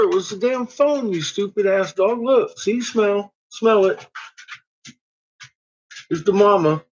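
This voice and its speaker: A man's voice: high-pitched, takes it slowly, pauses often, muffled recording, a little hiss or hum. A man casually teasing his dogs at home, crude and laughing in a home video. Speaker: pet owner.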